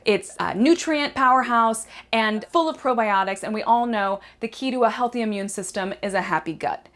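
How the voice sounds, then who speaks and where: A woman's voice: a little high, moderate pace, fairly bright tone. A woman hosting a casual cooking video from her kitchen, bubbly and joking at her own expense. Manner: bubbly, playful and self-mocking. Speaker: cooking show host. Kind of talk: casual on-camera cooking vlog. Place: home kitchen.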